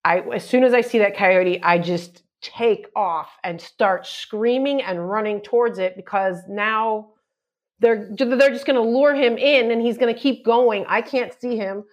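A middle-aged woman, a comedian guest, telling a story on a chat podcast with lots of acted-out shouts and quotes. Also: fairly high pitch, a little slow, highs cut off.

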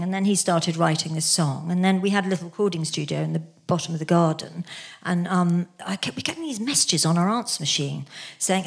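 A middle-aged woman chatting as a guest on a theatre stage, telling lively, self-mocking stories with frequent laughs. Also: lowish voice, fairly quick, creaky. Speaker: podcast guest. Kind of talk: casual chat. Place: theatre stage before an audience.

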